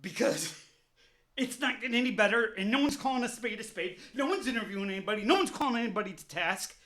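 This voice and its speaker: A man on his own vlog, ranting in anger about politics. His voice sits high for a man, and he swears constantly, circles back and repeats himself as the fury builds. He sounds openly pissed off throughout. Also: animated, fast talker, bright, forceful tone. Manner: heated, profane, repetitive ranting. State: openly angry. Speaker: vlogger. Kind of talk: angry political rant to camera.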